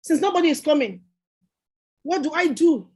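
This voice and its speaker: A woman's voice: sits high, lively intonation, normal speed, dark tone. A woman, speaking as a guest entrepreneur in a motivational talk, emphatic and repeating her key points like a preacher.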